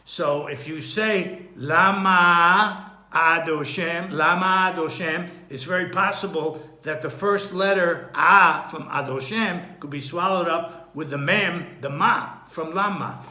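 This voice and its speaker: A man giving an unhurried Torah study lesson, thinking aloud with frequent restarts and throat-clearing. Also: on the high side, sharp tone, reverberant. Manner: clears his throat often. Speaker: Torah teacher.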